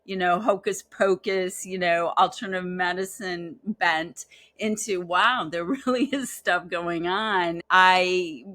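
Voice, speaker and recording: A woman guest on an interview podcast, a facilitator and hypnotherapist who talks in a chatty, animated way and acts out quoted dialogue as she tells stories. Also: fairly low pitch, slow, no room sound. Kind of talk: casual interview storytelling.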